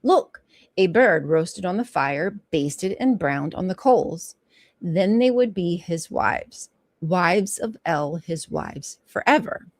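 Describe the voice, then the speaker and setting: Brief: female livestream host, unhurried reading, lively asides, swears casually, dry close sound. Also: lowish voice, dry recording. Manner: animated, frank, swears freely, stops to comment.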